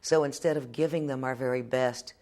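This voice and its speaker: A woman in her fifties from Texas talks in a low, deep voice. She answers questions as a veteran television journalist. She is plainspoken and wry, turning her points into short stories. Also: a little fast. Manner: wry storyteller, plainspoken and lively. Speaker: television journalist, interview guest. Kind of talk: casual interview answers.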